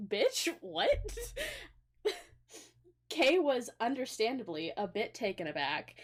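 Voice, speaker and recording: Animated woman reading stories. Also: a little high, slow pace. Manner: animated, swears, laughs, reacts with indignation. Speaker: streamer host reading stories. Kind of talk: casual chat, reading stories aloud.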